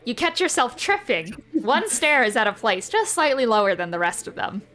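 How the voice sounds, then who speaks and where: A woman narrating a tabletop game as game master, in a hushed, atmospheric voice. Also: a little high, sing-song, normal speed.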